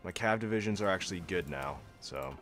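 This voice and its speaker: A young man giving casual, sarcastic gameplay commentary as a video host, often laughing at himself and going deadpan when joking. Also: low-pitched, fairly quick, faint music behind. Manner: flat monotone when joking.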